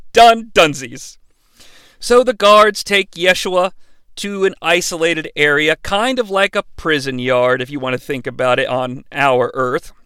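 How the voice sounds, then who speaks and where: A man hosting a comedic movie recap, talking in a profane, animated and sarcastic way. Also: high voice, clear, resonant tone, dry recording. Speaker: host.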